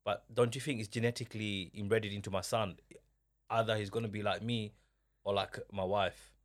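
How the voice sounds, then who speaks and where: A young man in a casual podcast chat, telling stories with lively energy, acting out what others said, often restarting his sentences. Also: on the low side, moderate pace, dry recording, clean studio sound. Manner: animated storyteller, acts out what others said.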